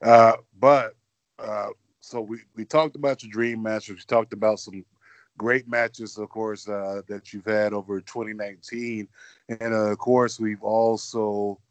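Man, podcast host, low pitch, rambling, dry sound. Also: little pitch movement, a little slow, dry recording, lo-fi sound. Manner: rambling, many restarts and fillers. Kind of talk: casual podcast chat.

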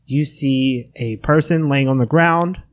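A man's voice: mid-range voice, a little slow. A young man narrating as game master of a tabletop game, playful and laughing often.

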